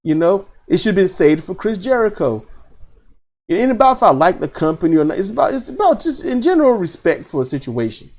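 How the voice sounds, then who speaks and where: A choked-up man with a high-pitched voice hosts casual wrestling commentary, speaking fairly quickly, animated and opinionated, and repeating phrases for emphasis.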